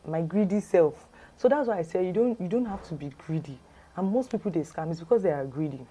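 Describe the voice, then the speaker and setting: A woman with a Yoruba accent tells a story in a chatty, exclamatory vlog style. Her voice sits a little low and sounds soft and mellow. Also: animated, a little fast, slightly rough, rough recording. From Nigeria. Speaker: lifestyle vlogger. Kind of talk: casual storytime.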